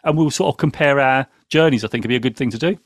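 A man's voice: mid-range voice, quick pace, dry recording, studio quality. A man hosting a casual live podcast, giddy and rambling, talking over his co-hosts after some wine. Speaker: podcast host.

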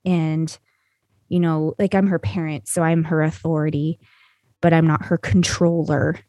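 A woman's voice: sits low, flat delivery, a little slow, warm tone, lo-fi sound. A woman talking as a podcast guest, telling stories in an earnest, rambling way full of "you know" and "like". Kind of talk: conversational storytelling.

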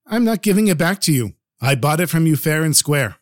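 A man's voice: a little high, sing-song, fairly quick, no echo, studio quality. A man voicing a poor, honest male villager in a folk tale, speaking firmly and plainly. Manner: firm and plain-spoken.

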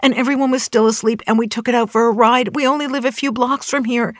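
A frightened teenage boy pleads his case, words tumbling out high and fast, as a woman storyteller puts him on. The voice climbs well above her usual register. The sound is dry with no room around it. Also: fairly even intonation, dry recording, natural voice. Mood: pleading. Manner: rushed, tearful pleading.

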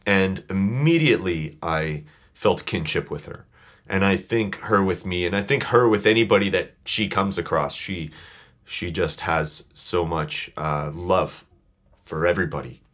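A man's voice: deep voice, a little slow, a bit bright. A man telling a personal story as a podcast guest, earnest and a little choked up. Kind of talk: casual chat, personal storytelling.

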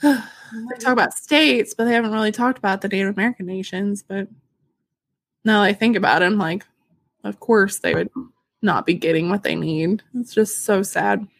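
A woman's voice: medium pitch, moderate pace, gravelly, dry recording. Emotional, giggly woman on a dry, close mic. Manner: warm, emotional and giggly, tears up easily. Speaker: podcast co-host. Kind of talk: casual chat with read-out news.

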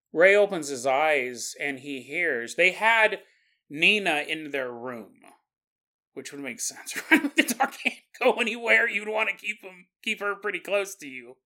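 Man, podcast host, casual storytelling, chatty asides, bright tone, slow pace. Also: on the high side. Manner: conversational, digressive, with asides to the listener.

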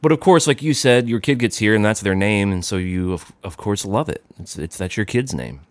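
Low-voiced laid-back man. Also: lively intonation, fairly quick, no echo. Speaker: podcast co-host. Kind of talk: casual chat.

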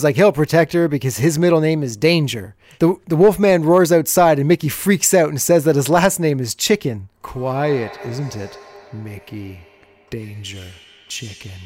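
A man's voice: on the high side, a little mellow, no room sound, clean studio sound. A man hosting a podcast, casually recapping an old TV episode and chuckling as he retells the scenes.

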